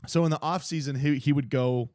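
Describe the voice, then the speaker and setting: A man's voice: fairly high pitch, steady tone, brisk, a little mellow, dry recording, studio quality. A man co-hosting a casual book-review podcast, candid and sarcastic, swearing freely. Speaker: podcast co-host.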